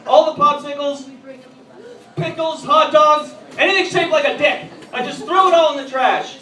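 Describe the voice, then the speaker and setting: High-voiced man doing stand-up in an echoey club. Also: normal speed. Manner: edgy jokes, audience banter, rising to loud bursts. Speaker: stand-up comedian. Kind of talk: stand-up routine. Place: comedy club stage. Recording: echoey, distant, noisy live room.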